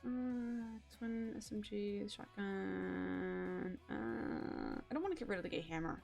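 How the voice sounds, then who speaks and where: A young woman streaming a game, chatting in a rambling, excitable, self-mocking way. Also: mid-range voice, takes it slowly, vocal fry, soft background music. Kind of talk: casual live-stream chatter.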